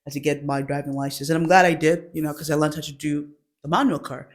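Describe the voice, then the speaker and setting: A woman's voice: deep voice, fairly even intonation, fast. A young woman hosting a comedy show, telling childhood stories with frequent giggles. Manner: giggles often while telling stories, acts out quotes. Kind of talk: laughing personal storytelling.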